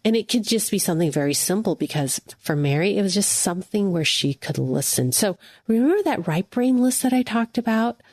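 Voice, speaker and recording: A woman's voice: medium pitch, expressive, brisk, a little mellow, no echo, clean studio sound. A woman hosting a devotional podcast, speaking earnestly and encouragingly straight to the listener. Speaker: podcast host.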